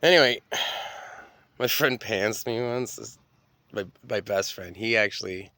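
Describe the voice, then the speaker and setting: A man's voice: fairly low pitch, slow, sharp tone, dry recording. A man telling stories in a rambling, profane, stream-of-consciousness solo monologue, often restarting his sentences.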